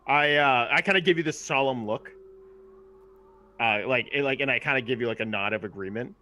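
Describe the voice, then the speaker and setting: A man playing in a tabletop role-playing game, talking haltingly with many restarts. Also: mid-range voice, sharp tone. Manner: halting, lots of restarts and fillers. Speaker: player. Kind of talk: casual tabletop play.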